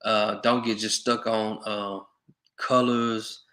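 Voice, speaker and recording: Man with a bright, even voice, roomy. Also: fairly low pitch, takes it slowly. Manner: earnest, advising viewers directly. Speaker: vlogger. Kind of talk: casual monologue to viewers. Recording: roomy echo.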